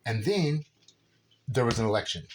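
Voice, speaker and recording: A man's voice: medium pitch, lively intonation, normal speed, slight background noise. A man rambling casually through a personal story about his son, filling his talk with "right?" and "dude". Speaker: father telling a personal story.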